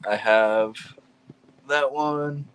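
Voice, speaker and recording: A man's voice: mid-range voice, drawn-out words, a bit bright, slight background noise. Laid-back swearing young man streamer. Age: 20s. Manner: laid-back, swears freely, laughs often. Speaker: streamer hosting his birthday live stream. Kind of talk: casual chat.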